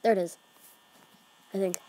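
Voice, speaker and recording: A woman's voice: moderate pace, dark tone. A woman hosting a horror game let's play, jumpy and exclaiming, often dropping to whispers. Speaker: gaming channel host.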